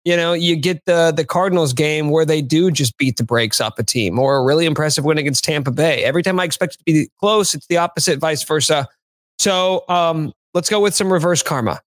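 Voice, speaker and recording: A man's voice: a little high, brisk, no room sound. A man hosting a sports podcast, chatting casually with a wry, sarcastic edge.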